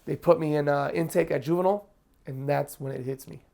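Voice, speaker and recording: Gravelly man telling his story. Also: a little high, steady tone, fairly quick, warm tone. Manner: vivid storyteller acting out other people's lines. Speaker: interview guest. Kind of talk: casual storytelling in an interview.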